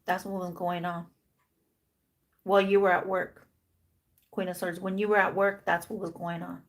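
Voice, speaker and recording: A woman's voice: on the low side, level tone, normal speed. A woman giving a casual tarot reading. She repeats herself for emphasis, drops Spanish slang words into her English, and acts out imagined lines for the figures on the cards. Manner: repetitive, emphatic. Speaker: tarot reader.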